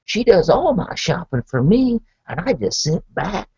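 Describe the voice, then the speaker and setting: A man voicing an easygoing old man who talks in relaxed slang. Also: high voice, a little slow, husky, no room sound, pitched above the performer's own voice, exaggerated voice. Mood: amused. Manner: drawling slang. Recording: dull lo-fi.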